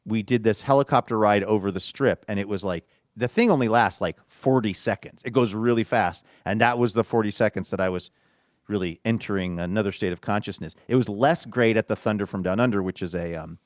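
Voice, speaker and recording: A man's voice: fairly low pitch, fairly quick, no room sound, clean studio sound. A man co-hosting a podcast, telling a rambling, self-amused story in casual chat. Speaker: podcast co-host.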